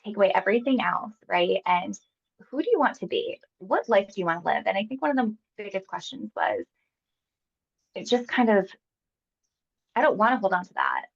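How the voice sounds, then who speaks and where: A woman in her thirties speaks openly and emotionally as an interview guest, wandering through her thoughts with plenty of filler words. Her voice has a gravelly, fried edge. The recording is somewhat dull and lo-fi. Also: mid-range voice, sing-song, normal speed. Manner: emotional, rambling with many likes. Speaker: hypnosis client guest. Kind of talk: candid conversational interview.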